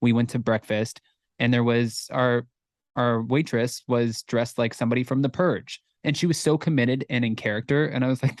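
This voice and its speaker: A relaxed man co-hosting a casual podcast, talking candidly and rambling a bit. His voice is at an average male pitch. The recording is close and dry. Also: moderate pace, no room sound. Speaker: podcast co-host. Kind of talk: casual chat.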